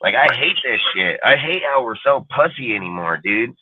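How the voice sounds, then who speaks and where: This podcast co-host rants bluntly and casually, swearing heavily and dropping "dude" and "like" throughout. His mid-range voice is husky, animated and brisk. The audio sounds thin and phone-like, dry with no room echo.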